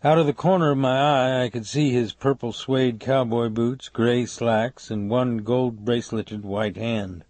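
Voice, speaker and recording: A man narrating an audiobook in a steady, measured way on a close mic. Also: medium pitch, no echo. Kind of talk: scripted narration.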